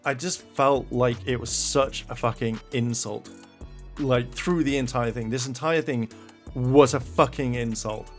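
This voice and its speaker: A man's voice: medium pitch, unhurried, soft background music. A man reviewing a show in a blunt, rambling rant full of swearing.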